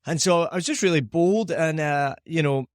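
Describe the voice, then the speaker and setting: A man's voice: on the high side, normal speed, no room sound, clean studio sound. A man with a Scottish accent, a podcast host, chatting casually and telling anecdotes with frequent laughter. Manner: chatty storyteller, laughs often.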